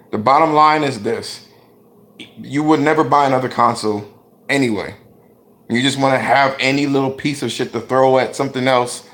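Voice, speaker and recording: A man's voice: mid-range voice, a bit bright. A man giving blunt, profane gaming commentary, ranting in a talkative vlog style.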